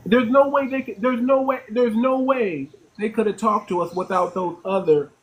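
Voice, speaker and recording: A man's voice: sits high, normal speed, poor audio. A man in casual discussion, speaking in a preachy, insistent way and repeating phrases.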